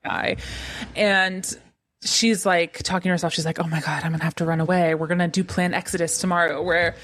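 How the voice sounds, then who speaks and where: A woman's voice: on the low side, little pitch movement, brisk, a bit bright. A woman co-hosting a podcast, casually recapping a book with lots of "like" and paraphrasing what the characters say. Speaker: podcast co-host.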